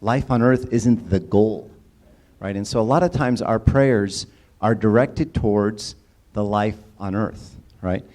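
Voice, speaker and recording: A church speaker with a lowish, slightly mellow voice delivers a conversational, sermon-style talk at a measured pace. He keeps it casual, often asking the audience questions and checking in with "right?"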